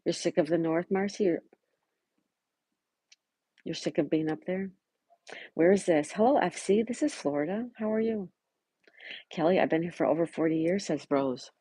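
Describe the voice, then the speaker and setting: Woman, livestream host, low mellow voice, dry close sound, reads chat and greets viewers. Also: normal speed, long pauses, slightly rough, no room sound. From Buffalo, New York. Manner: greets viewers by name and chats back warmly. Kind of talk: casual live chat, reading viewer comments aloud.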